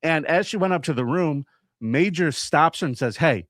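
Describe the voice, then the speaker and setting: Lively, animated male true-crime storyteller. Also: moderate pace, dry recording, clean studio sound. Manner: animated, acts out quotes with big jumps in pitch. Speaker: podcast co-host.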